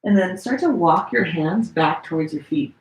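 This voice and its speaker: Live-streaming a gentle yoga flow from an echoey room at home, a woman with a low voice gives relaxed, chatty cues full of small fillers. She demonstrates each pose while talking at a moderate pace and sounds slightly strained as she holds them.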